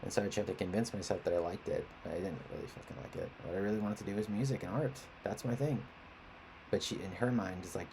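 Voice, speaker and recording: A man's voice: low-pitched, fast talker, gravelly, background noise. A young man venting in a casual, rambling monologue, frustrated and swearing often. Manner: frustrated, profane, rambling rant. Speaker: independent musician and artist.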